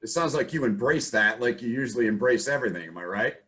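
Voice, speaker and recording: A man's voice: mid-range voice, expressive, quick pace, a bit bright. A man hosting a podcast interview, asking casual, leading questions. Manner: conversational, asks leading questions. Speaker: podcast host.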